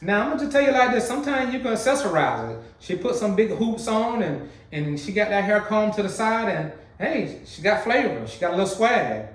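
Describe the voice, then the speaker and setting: A man's voice: high voice, sing-song, a little fast, few pauses, reverberant, far from the mic, poor audio. A man hosting a reaction video, commenting casually on a clip and teasing while talking straight to his viewers. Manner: chatty, teasing, addresses viewers as fam.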